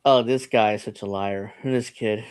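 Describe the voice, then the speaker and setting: A man's voice: on the low side, unhurried, clean tone. A man hosting a casual online news panel, rambling and reading posts aloud with frequent laughs. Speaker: host.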